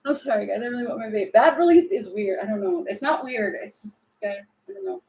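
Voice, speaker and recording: A woman's voice: on the high side, very animated, fairly quick, creaky, a little mellow, poor audio. A woman giving tarot readings on a live stream, chatty and apologetic, thinking aloud as she goes. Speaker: tarot reader.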